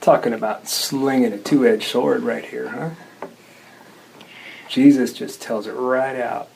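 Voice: mid-range voice, fairly even intonation, takes it slowly, gravelly, darkish tone, a little hiss or hum, rough recording. A participant in a group Bible discussion who adds earnest, reflective comments.

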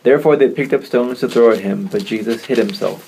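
A man in a Bible study who reads scripture aloud in a measured, solemn way. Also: mid-range voice, gravelly, warm tone, a little hiss or hum, low-quality recording.

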